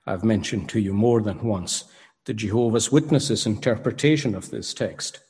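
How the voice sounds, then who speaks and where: A man preaching a sermon, emphatic and rhetorical, pausing dramatically and questioning his listeners. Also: fairly low pitch, darkish tone. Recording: long hall reverb.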